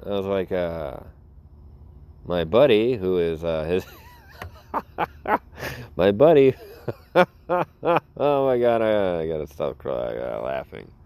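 Laughing, rambling man, slightly low voice. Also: sing-song, takes it slowly, long pauses, mellow, clear, resonant tone. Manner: rambling, keeps breaking into laughter. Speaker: podcast host. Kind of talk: casual storytelling.

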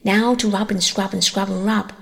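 A woman voicing an eager, bossy young girl in a storybook reading, bright and chatty, with a gravelly edge and long reverb. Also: medium pitch, steady tone, moderate pace, natural voice. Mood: playful.

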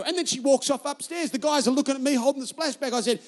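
A man's voice: extremely high pitch, fast talker, few pauses, long reverb tail. A man, a pastor preaching a sermon with emphatic repetition and storytelling.

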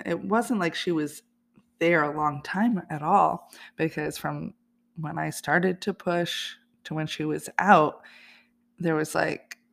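A woman's voice: sits low, creaky. A woman hosting a podcast, telling a personal story in a chatty, casual way and laughing often. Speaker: podcast host.

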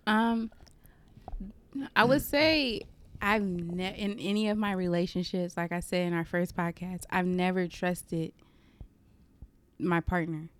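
A woman's voice: fairly low pitch, clear, resonant tone. A woman co-hosting a casual podcast, speaking candidly and hesitantly about trust. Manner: candid and emotional, slow and hesitant when opening up. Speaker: podcast co-host.

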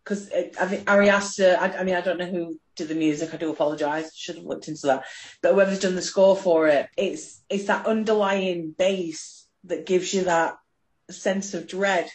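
A woman talking passionately about a film on a podcast, animated and swearing freely. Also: on the low side, normal speed. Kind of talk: casual film discussion.

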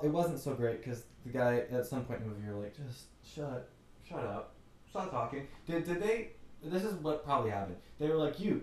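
A man's voice: medium pitch, darkish tone, echoey room, far from the mic. A man giving an exasperated, joking recap of a bad movie, putting on mocking voices as he goes. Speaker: movie reviewer. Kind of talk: comedic movie rant.

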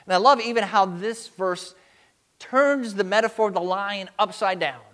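A man preaching a sermon, earnest and emphatic, slowing down to stress key words. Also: sits high, a bit bright. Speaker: pastor.

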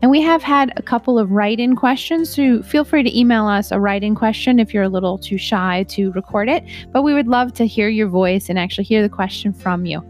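A woman of middling pitch co-hosting a relaxed podcast, friendly and a little self-conscious, who sometimes trips over her words. Soft guitar music plays faintly underneath her. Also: fairly quick, hardly any pauses. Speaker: podcast co-host. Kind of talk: casual podcast chat.

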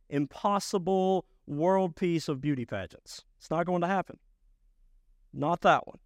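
A man preaching a sermon as pastor, emphatic and rising to loud bursts. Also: fairly high pitch, dry recording, studio quality.

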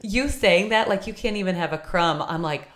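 A woman hosts an interview with a slightly low voice. She is animated and enthusiastic, and she acts out bits of dialogue as she talks. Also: normal speed. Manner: animated, acts out little quoted exchanges. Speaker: host. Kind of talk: conversational interview.

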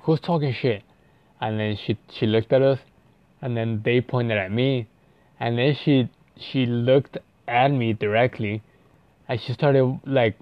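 A man's voice: medium pitch, no echo, highs cut off. Rambling, profane young man telling a story. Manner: rambling and profane, full of "like" fillers and restarts. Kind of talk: casual storytime.

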